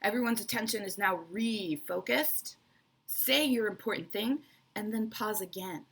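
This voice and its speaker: Husky, gravelly woman teaching presentation skills. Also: mid-range voice, unhurried. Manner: explanatory, repeats key points with frequent "right?" and "okay". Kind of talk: online lesson explaining to viewers.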